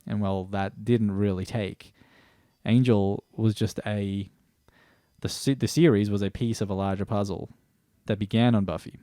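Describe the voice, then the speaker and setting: A man's voice: lowish voice, steady tone, measured pace, dark tone, no room sound, clean studio sound. A man reviewing a TV series in a rambling, stream-of-consciousness way, swearing casually and often restarting sentences. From Australia.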